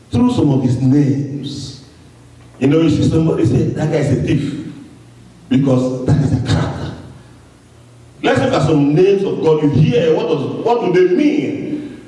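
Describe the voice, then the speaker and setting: Excitable man preaching in an echoey church. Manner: excitable, swings between booming shouts and low asides, laughs often. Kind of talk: sermon. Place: church sanctuary. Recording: very echoey, from far off the mic.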